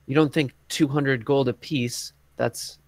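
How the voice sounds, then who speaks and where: A man's voice: medium pitch, fairly even intonation, unhurried, no echo, close to an everyday voice. A man voicing a nervous male landowner with a slightly shaky, hesitant voice. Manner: hesitant, thinking aloud.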